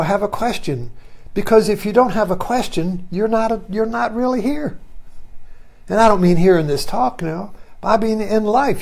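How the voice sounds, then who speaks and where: An older man with a somewhat high voice talks to his online viewers in a loose, musing monologue. He keeps circling back with little "you see" tags, thinking aloud as he goes. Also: creaky, a little mellow. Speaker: online talk host. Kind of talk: rambling philosophical monologue.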